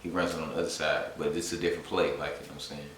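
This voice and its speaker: Deep-voiced young man, far off in an echoey room. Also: very fast, slight background noise. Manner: rambling, animated, heavy on fillers. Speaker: sports fan vlogger. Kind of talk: casual storytime and game recap.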